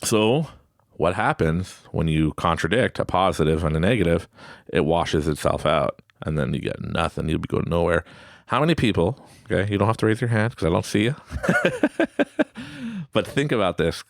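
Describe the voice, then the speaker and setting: A man's voice: deep voice, moderate pace, gravelly, no room sound, clean studio sound. A man in his late thirties hosting a motivational self-help talk, telling stories and acting out the voices he quotes. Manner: animated storytelling, acts out quoted voices. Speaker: podcast host.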